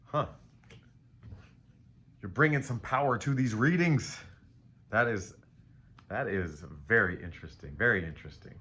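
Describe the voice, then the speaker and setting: A man's voice: on the low side, animated, unhurried, long pauses, sharp tone. A middle-aged man giving a casual live tarot reading to viewers, rambling and playful, calling them baby. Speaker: tarot reader. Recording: faint ambient noise.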